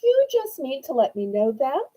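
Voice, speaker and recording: A woman's voice: sits high, sing-song, normal speed, dark tone, poor audio. A woman, chatting sweetly and eagerly as she hosts a live online auction. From New Orleans, Louisiana. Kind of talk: live-stream sales chat.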